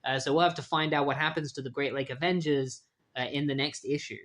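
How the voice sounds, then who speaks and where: A man's voice: medium pitch, steady tone, brisk, a bit bright. A man casually retelling a comic book story in a loose, chatty way, often saying "like".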